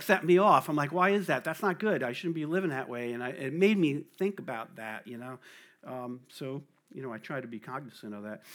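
A man's voice: fairly high pitch, a bit bright. Chatty New Jersey man teaching scripture. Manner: conversational, laughs often, keeps asking "right?". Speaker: lay preacher or Bible teacher. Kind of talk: casual Bible study talk.

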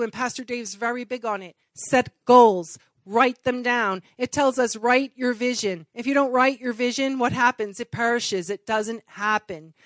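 A woman's voice: fairly high pitch, dry recording. Earnest woman preaching a sermon. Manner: earnest, builds to emphatic repetition. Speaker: church speaker.

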